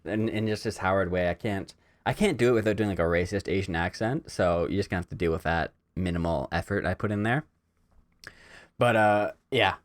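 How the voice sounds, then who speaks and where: A man's voice: low voice, a little fast. A young man from Canada hosting a casual solo podcast, telling stories in a rambling way with lots of "like" and "um". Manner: rambling storyteller, heavy on "like" and "um". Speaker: podcast host.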